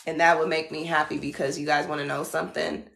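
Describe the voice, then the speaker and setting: Slangy woman with a gravelly voice. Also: low voice, little pitch movement, fast talker, a bit bright, echoey room. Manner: chatty, blunt, slangy. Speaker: tarot reader. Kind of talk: casual livestream talk.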